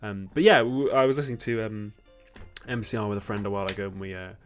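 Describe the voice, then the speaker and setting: A man's voice: on the low side, quick pace, over music. A young man hosting a livestream, reading viewer questions and chatting in a rambling way, laughing often. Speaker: host.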